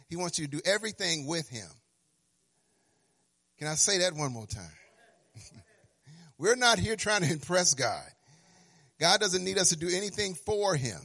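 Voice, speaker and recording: Animated male preacher, high voice, stammers, sing-song peaks. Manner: animated, acts out dialogues with God, sing-song emphasis; stammering restarts, swings from quiet to loud. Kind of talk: sermon.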